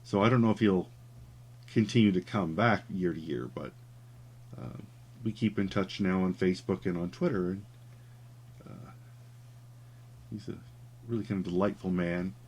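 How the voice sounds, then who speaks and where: Man, low voice, casual rambling talk, working on a drawing. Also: normal speed, long pauses, a little hiss or hum. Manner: rambling, warm storytelling with many fillers. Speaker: caricature artist streaming his drawing. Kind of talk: casual chat while drawing.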